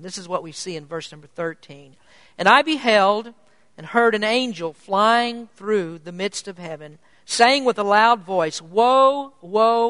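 A man's voice: high-pitched, a bit bright, no room sound. A man preaching an evening sermon with emphatic, urgent delivery. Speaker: pastor.

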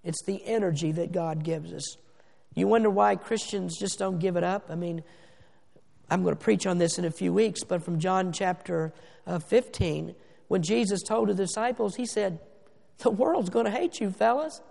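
With a high and deeply gravelly voice, a male pastor delivers an emphatic sermon in a church sanctuary whose long reverb rings around him. He slows on key words to stress them and swings between booming statements and almost hushed asides.

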